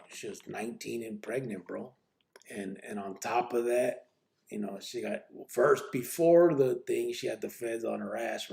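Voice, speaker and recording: A man with a deep, heavily gravelly voice tells his own story on a podcast. He rambles in a laid-back way, with slang, swearing and a steady "you know what I mean". The tone stays casual throughout. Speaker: podcast host.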